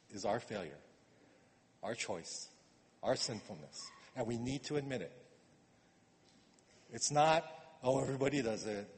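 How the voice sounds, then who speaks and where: A man preaching a sermon in a conversational way, repeating words and swinging from quiet asides to emphatic urging. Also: mid-range voice. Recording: long reverb of a hall.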